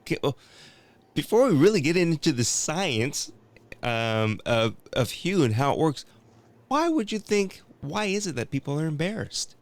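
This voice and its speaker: A man's voice: on the high side, sing-song, moderate pace. A man hosting an interview show, posing thoughtful questions with small restarts. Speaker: podcast host. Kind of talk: casual interview chat.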